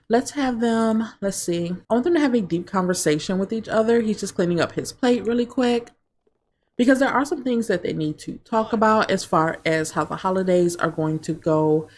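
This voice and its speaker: A woman giving casual gameplay commentary, chatty, retelling scenes as she plays. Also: medium pitch. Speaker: gaming video creator.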